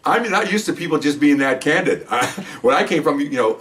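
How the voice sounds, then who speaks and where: A man's voice: brisk, recorded from a distance. An older man, a retired police veteran, casually telling stories from the job and acting out the voices in them. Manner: animated, acts out quoted dialogue with higher pitch. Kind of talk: casual storytelling to camera.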